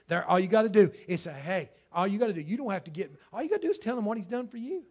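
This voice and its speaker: A man preaching a fervent sermon as pastor, swinging from hushed lines to loud emphatic ones. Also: high-pitched, very animated, a little fast, few pauses.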